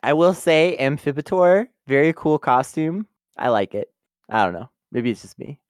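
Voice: mid-range voice, normal speed, no echo, clean studio sound. A podcast co-host in casual review chat, talking loosely with lots of filler words and easy laughter. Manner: chatty, many "like" fillers, laughs easily.

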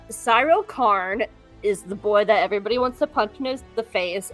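A young adult woman co-hosting a podcast, recapping episodes in an animated, jokey way. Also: mid-range voice, poor audio. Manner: animated, jokey, switches into voices. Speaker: podcast co-host. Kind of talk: casual recap chat.

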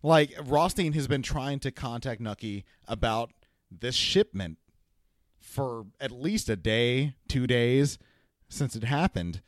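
A man co-hosting a casual TV recap podcast, relaxed and jokey, with loud laughs. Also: medium pitch, slow, no echo, clean studio sound. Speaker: podcast co-host.

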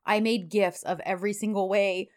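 A woman's voice: medium pitch, normal speed. Chatty woman co-hosting a podcast. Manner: chatty, animated storytelling with quoted asides. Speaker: podcast co-host. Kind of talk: casual chat recapping a TV drama.

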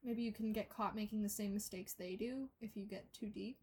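A young woman in casual podcast conversation, reflective and animated as she talks through her thoughts on a film. Her voice is husky and breathy. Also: mid-range voice, fairly quick. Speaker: podcast co-host. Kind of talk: casual chat.

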